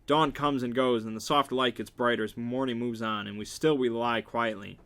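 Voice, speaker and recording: Man, amateur novel reading, casual, small slips and restarts, mid-pitched voice. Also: fairly even intonation, moderate pace, fairly bright tone. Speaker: reader.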